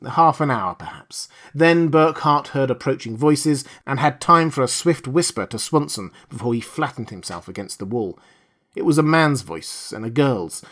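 A man reading a science fiction story aloud as an audiobook narrator, measured and dramatic. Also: medium pitch. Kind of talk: scripted narration.

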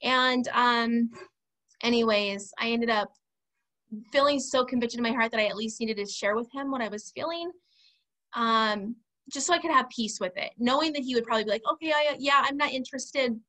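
A woman's voice: a little high, normal speed, a bit bright. A woman telling her personal testimony as an interview guest, chatty and candid. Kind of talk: casual testimony storytelling.

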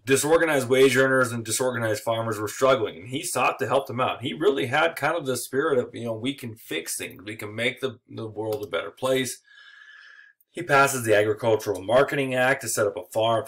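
A man's voice: medium pitch, fairly bright tone. A man giving an informal history lecture, casual and joking, with filler words and small chuckles. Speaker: history teacher.

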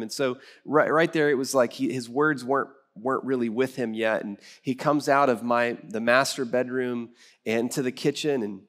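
A middle-aged man preaching a sermon as pastor in a church, telling stories in a conversational way and asking the congregation questions. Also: mid-range voice. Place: church sanctuary.

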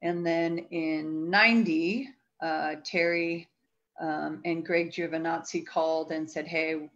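Fifties woman coach chatting on a video call, lowish voice, kinda muffled lo-fi sound. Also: fairly even intonation, takes it slowly, a bit bright. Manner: reflective, chatty, frequent fillers. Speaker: volleyball coach, guest. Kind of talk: casual interview talk.

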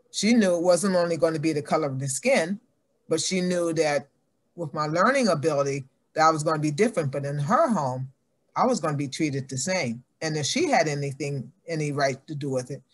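Low-voiced older woman telling her story. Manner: animated, acts out family members' voices in her stories. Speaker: guest, athlete. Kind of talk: earnest personal storytelling.

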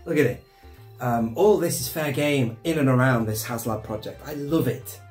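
An excitable, enthusiastic British man chatting casually in a home vlog, filmed indoors on a handheld camera with a gimbal. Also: mid-range voice, moderate pace, soft background music. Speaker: toy collector vlogger. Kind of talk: casual show-and-tell vlog.

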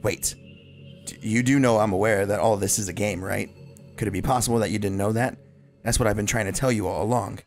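A man reading game dialogue aloud as an eerie, self-aware teenage girl who is the club president, in a soft, low, creepy voice. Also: fairly even intonation, brisk, vocal fry, soft background music. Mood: unsettling calm.

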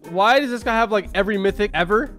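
A man hosting a reaction video, talking casually and excitedly, firing off quick exclamations and calling everyone "bro". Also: high voice, soft background music.

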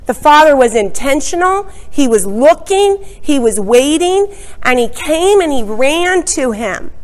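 A woman's voice: sits high, a bit bright, rough recording. A woman teaching a Bible study lesson, retelling a parable with dramatic, emphatic storytelling.

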